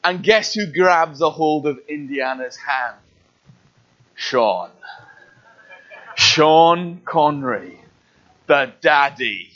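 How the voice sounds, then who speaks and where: A man preaching a sermon, telling a story in an animated way and acting out its scenes. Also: on the high side, extremely slow, long pauses, highs cut off. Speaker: pastor.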